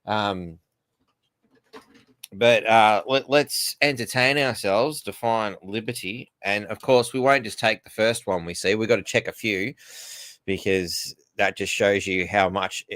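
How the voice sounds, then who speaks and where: A man hosts a loose video call chat in a blunt, sardonic way and swears without restraint. His voice sits at a middling pitch and sounds dry and close, with no room around it. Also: unhurried, fairly bright tone, no echo. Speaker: host.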